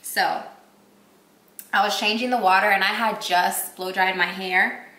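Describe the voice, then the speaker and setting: A woman's voice: medium pitch, steady tone, unhurried, pushed and bright. A young woman from Puerto Rico telling a rambling, gushing story while doing her makeup, with "like" in every sentence. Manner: gushing, rambling, heavy use of "like". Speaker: beauty vlogger. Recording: echoey room.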